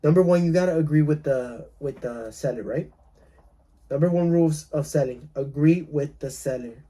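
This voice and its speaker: Mellow-voiced man coaching sales calls. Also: moderate pace. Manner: role-plays calls with sellers, laughing at his own lowball offers; repetitive, restarts often. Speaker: real estate wholesaling coach. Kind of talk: casual instructional talk.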